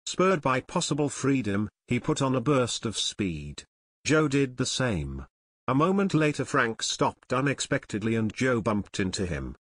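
A man reading an adventure audiobook in expressive, scripted narration. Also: medium pitch, unhurried, dry recording, clean studio sound.

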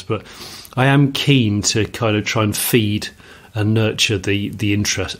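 A man's voice: lowish voice, a bit bright. A man co-hosting a podcast, chatting casually in a musing, rambling way with frequent restarts. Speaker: podcast co-host. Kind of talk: casual chat.

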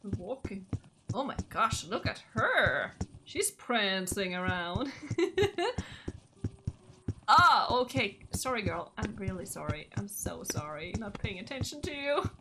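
A woman's voice: medium pitch, sing-song, slow, background noise. A young woman from Norway, chatting casually through her gameplay, gushing and talking to her horse. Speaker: gaming channel host.

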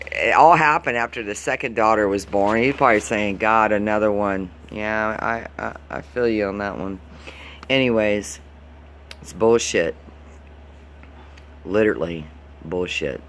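A man's voice: lowish voice, a little slow, long pauses, fairly bright tone, a little hiss or hum. Profane, heated man venting. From Florida. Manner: profane, exasperated, heated complaining. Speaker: vlogger. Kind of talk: angry venting rant to camera.

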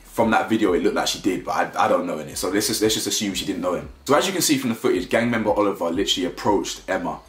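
A man giving casual opinion commentary, animated and rambling, often restarting and repeating himself. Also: low voice, rapid-fire, roomy sound. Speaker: commentary YouTuber.

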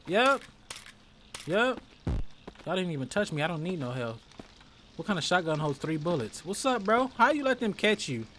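A man giving loud, joking let's play commentary, trash-talking the enemies in his game. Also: high-pitched, big pitch swings, moderate pace, pauses often, a little hiss or hum. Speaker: gaming streamer.

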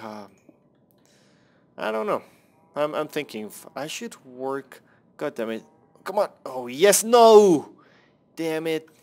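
A man's voice: medium pitch, vocal fry. A young man casually commenting on his own gameplay, rambling, self-deprecating and swearing at the game.

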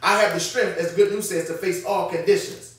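A male pastor preaches an emphatic midweek Bible study, repeating key phrases and calling on his listeners to respond. His voice sits high, and it is picked up from some distance. The church room around him rings with heavy echo. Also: steady tone, a little fast, a bit bright. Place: church sanctuary. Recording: echoey church hall, mic at a distance.

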